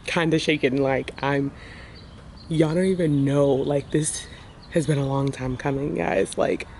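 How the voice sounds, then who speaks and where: A woman's voice: low voice, fairly even intonation, a little slow, a little mellow, reverberant, slight background noise. A young woman, chatting casually to her vlog viewers, calling them y'all and honey. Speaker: vlogger. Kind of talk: casual vlog talk to camera. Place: inside and around a car, outdoors in the city.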